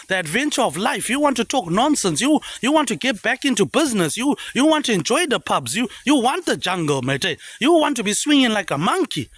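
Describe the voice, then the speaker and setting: Rambling high-voiced New man. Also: fairly bright tone, no echo. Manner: repetitive, trailing "mate, eh" tags dropped low. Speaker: vlogger. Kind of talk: rambling monologue.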